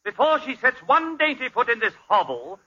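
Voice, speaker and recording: A pompous English man trading insults in an old radio comedy, his voice very high, bright and sharp. His pitch leaps all over as he sniffs down at the others. The sound comes through a muffled broadcast with a faint hiss. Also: very animated, normal speed, husky. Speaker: comedy guest playing a butler.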